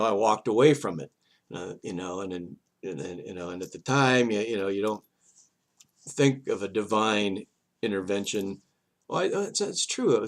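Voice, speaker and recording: An older man casually telling a personal story as a vlog host, rambling and animated with halting restarts. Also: medium pitch.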